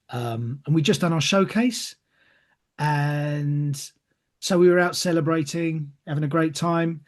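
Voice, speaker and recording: A middle-aged man, chatting in an interview and telling stories, acting out other people's voices as he goes. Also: on the high side. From England. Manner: chatty storyteller, acts out voices in anecdotes. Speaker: actor being interviewed. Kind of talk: casual interview answers.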